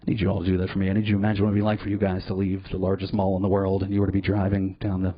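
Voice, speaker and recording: A man performing a live stand-up set in a comedy club, animated and profane, jumping now and then into loud put-on voices. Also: low-pitched, racing, no echo. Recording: dull lo-fi live recording.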